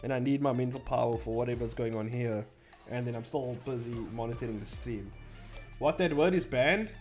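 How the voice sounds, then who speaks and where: A man's voice: mid-range voice, a little fast, faint music behind. A young man chatting casually on a livestream, rambling and blunt, swearing freely. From South Africa. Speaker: streamer.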